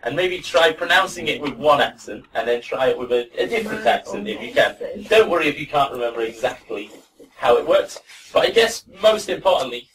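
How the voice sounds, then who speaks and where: A man leads a pronunciation class, relaxed and encouraging as he coaches students. His voice sits at an average pitch. He is picked up from some distance across the classroom. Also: slight background noise. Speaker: pronunciation teacher. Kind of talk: classroom teaching. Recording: voice from far off.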